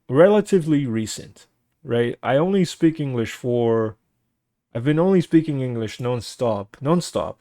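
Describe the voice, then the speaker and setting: A man from Brazil talks to his live viewers in accented English learned as a second language. His speech is rambling and hesitant, full of restarts and filler words, set at a middling pitch for a man. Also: mellow, no room sound, clean studio sound. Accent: Brazilian Portuguese. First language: Portuguese. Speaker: streamer. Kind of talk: casual chat with stream viewers.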